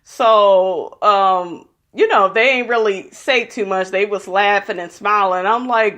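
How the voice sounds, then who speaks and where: A woman's voice: medium pitch, a little slow, few pauses, a bit bright. A woman giving a casual, profane, gossipy recap of a reality show episode, blunt and opinionated about the people in it.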